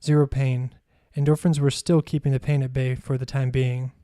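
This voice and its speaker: A man reads his own memoir aloud in a measured, even storytelling manner. His tone is mellow and warm, with little rise and fall in pitch. The recording is close and dry. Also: no echo. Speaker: podcast host and author.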